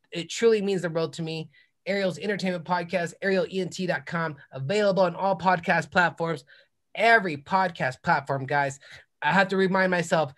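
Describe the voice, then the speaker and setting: A man hosting his own podcast, talking with high energy, whooping and repeating hype catchphrases as he promotes the show. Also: a bit bright. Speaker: podcast host. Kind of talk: hyped podcast intro and self-promotion.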